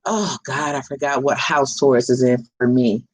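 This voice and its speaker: A woman's voice: rumbling low, steady tone, moderate pace, poor audio. A woman spiritual reader chatting casually on a livestream, rambling and laughing often, with casual swearing.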